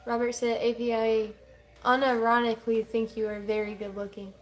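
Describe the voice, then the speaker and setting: A woman co-hosting a casual livestream, reading chat comments aloud quickly and laughing often. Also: fairly high pitch, little pitch movement.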